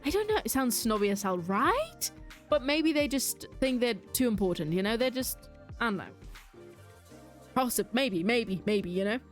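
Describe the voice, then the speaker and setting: Chatty young woman streamer, slightly high voice. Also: moderate pace, faint music behind. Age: young adult. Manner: rambling, chatty, animated, laughs often. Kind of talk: casual chat while gaming, reading chat aloud.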